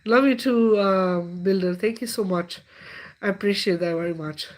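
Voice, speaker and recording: Woman, middle-aged, live stream host, casual chat, chatty, laughs often, medium pitch. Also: moderate pace.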